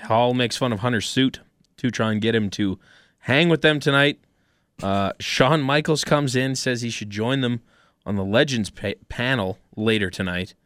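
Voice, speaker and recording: A young man co-hosting a casual chat, recapping events in a plain, steady run-down. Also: medium pitch, normal speed, clean tone, no room sound, clean studio sound. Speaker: podcast co-host.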